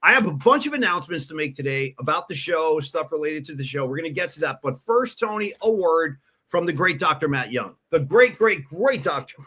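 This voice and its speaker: Bright-voiced animated male podcast host. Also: on the high side, breathy edge. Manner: animated, quick to do impressions of others. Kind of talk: casual sports and music chat.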